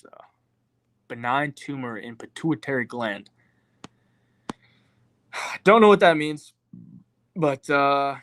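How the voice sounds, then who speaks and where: A man's voice: mid-range voice, fairly bright tone, dry recording. A young man hosting a show, answering chat questions in a slangy, profane, laid-back way. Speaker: podcast host reading live chat. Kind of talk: casual chat.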